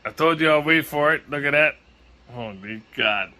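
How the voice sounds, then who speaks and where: A man from Hawaii with a Hawaiian accent, vlogging casually in a jokey, excitable way, swearing and laughing as he talks. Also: on the high side, moderate pace. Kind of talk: casual vlog.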